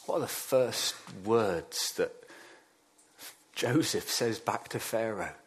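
A man preaching a sermon, acting out quoted voices and dropping to quiet emphasis on key lines. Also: lowish voice, lively intonation, slow pace, slightly rough.

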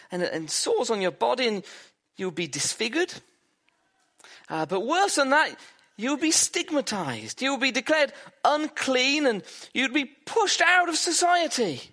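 Lively preacher telling a story. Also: male voice. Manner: storytelling, vivid, drops low for emphasis. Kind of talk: sermon.

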